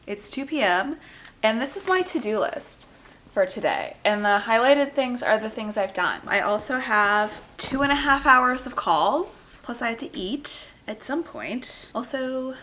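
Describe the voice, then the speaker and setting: A woman's voice: on the high side, expressive, unhurried, sharp tone, a little hiss or hum. A young woman vlogging at home, chatting casually to the camera with lots of "like" and asides to her dog. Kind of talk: casual vlog chat to camera. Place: at home indoors.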